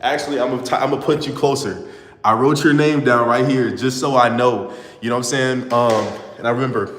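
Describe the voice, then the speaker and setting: A nineteen-year-old man chats loosely and sincerely with his livestream viewers, stumbling over restarts and saying bro at every turn. His voice sits at a middling pitch. The room around him is echoey, with a reverb that hangs on. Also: fairly even intonation, a little fast, a bit bright. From Houston, Texas. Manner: rambling and earnest, full of "bro" and restarts. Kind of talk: casual live chat with viewers.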